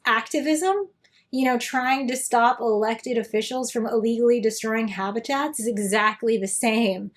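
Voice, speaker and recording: Woman video essayist, kinda high voice, sarcastic and chatty, casual commentary. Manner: sarcastic, lively retelling.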